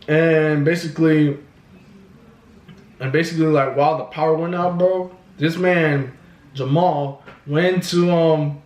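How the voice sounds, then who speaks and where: A man's voice: a little high, steady tone, a little slow, darkish tone. A man telling a story in a casual, profane, filler-heavy way, filmed at home. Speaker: vlogger. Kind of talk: storytime vlog. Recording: echoey room.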